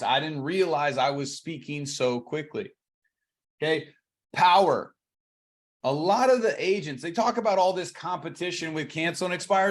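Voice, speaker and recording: High-voiced man coaching sales agents. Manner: energetic, repeats words when restarting. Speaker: real estate coach. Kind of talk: sales training talk.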